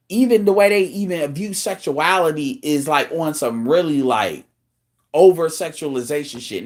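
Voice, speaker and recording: A man ranting on his own show, blunt and profane, with a voice that swings widely up and down. He keeps circling back in disbelief, talking straight at the listener in a loose, casual way. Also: on the high side. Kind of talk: casual rant commentary.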